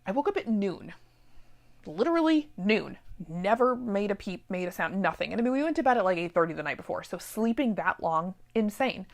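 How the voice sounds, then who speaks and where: A middle-aged woman who teaches sewing, telling a personal story in a chatty, animated way with many asides. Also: medium pitch, a little fast. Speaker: sewing teacher and shop owner. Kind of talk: casual storytelling vlog. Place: warehouse room.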